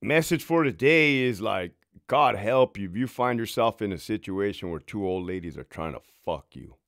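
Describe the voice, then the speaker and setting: A man's voice: fairly low pitch, expressive, normal speed, a bit bright, no echo, studio quality. A man, a former prison sergeant, telling his own story to camera in a casual, heated, profanity-filled way.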